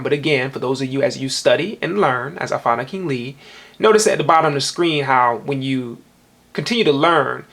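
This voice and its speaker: Husky-voiced male Bible teacher, emphatic, reads scripture slowly and keeps checking in with his audience. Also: mid-range voice, fairly bright tone. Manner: emphatic, repeatedly asks "do you see this"; reads verses slowly and deliberately.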